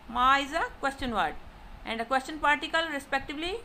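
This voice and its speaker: A woman teaching a language lesson, giving careful instructions and repeating drawn-out model syllables for the learner. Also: sits high, very animated, bright, forceful tone, slight background noise, poor audio. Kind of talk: slow recorded lesson.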